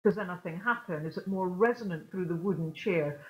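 A woman musician answering questions in an online talk, explaining her ideas in a reflective, gently emphatic way. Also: fairly low pitch, brisk, lo-fi sound. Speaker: guest percussionist. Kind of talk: online lecture Q&A.

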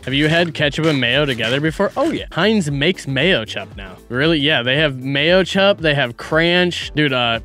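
A man's voice: medium pitch, fairly bright tone. A young man casually commenting on his gameplay on stream, chatting with viewers and calling out to animals. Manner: chatty, talks to chat, coos at animals. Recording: faint music behind.

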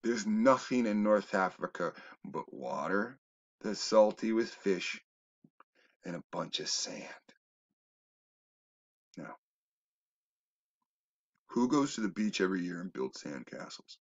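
A man talking in a rambling, casual monologue that drops to low mutters and jumps to loud exclamations. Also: animated, slow, pauses often, dull audio. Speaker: video commentator.

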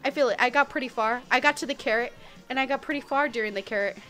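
Excitable young woman streaming a game. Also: high-pitched, quick pace, soft background music. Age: early 20s. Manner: excitable, exclaiming, swearing and laughing. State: tipsy from taking shots. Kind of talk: casual gameplay livestream.

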